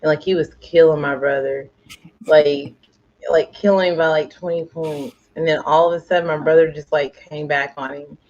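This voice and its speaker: A woman's voice: low-pitched, steady tone, moderate pace, darkish tone, highs cut off. A woman co-hosting a casual chat, telling rambling stories with many fillers. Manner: rambling storyteller, many fillers, laughs often. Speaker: co-host.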